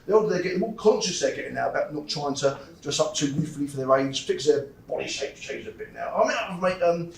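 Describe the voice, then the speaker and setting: A southern English man in his forties doing stand-up, his voice high and gravelly as he rambles, mocks himself and chuckles at his own lines. He is heard from a little way off the mic in an echoey club room with a faint hum of ambience. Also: lively intonation, very fast, few pauses, recorded from a distance. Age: 40s. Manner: rambling, self-mocking, laughing at own jokes. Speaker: stand-up comedian. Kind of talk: stand-up comedy set. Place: comedy club stage.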